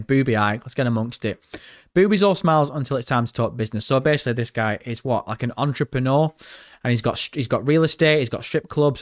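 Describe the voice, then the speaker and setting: A man's voice: medium pitch, no echo, studio quality. A man with a northern English accent, live-streaming reaction commentary in a chatty, joking way, reading viewer messages aloud. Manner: chatty, jokey, reads chat aloud.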